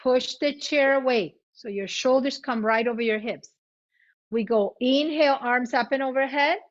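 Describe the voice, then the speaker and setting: A woman guiding a chair yoga class, giving cues in both English and Spanish and demonstrating loud vocal sounds. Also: sits high, normal speed. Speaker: yoga instructor. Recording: muffled lo-fi recording.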